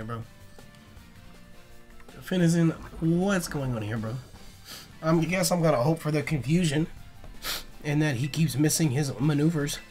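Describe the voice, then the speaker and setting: A young man hosting a casual let's play, excitable and profane, talking back to the creatures on screen. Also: on the high side. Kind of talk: casual gameplay commentary.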